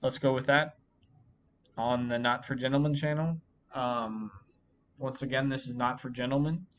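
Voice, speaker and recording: A man's voice: mid-range voice, steady tone, moderate pace, fairly bright tone, slight background noise. Man, drunk, swearing constantly, rambling, self-pitying, vlog host, muffled lo-fi audio. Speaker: channel host. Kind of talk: drunken solo commentary. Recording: dull lo-fi recording.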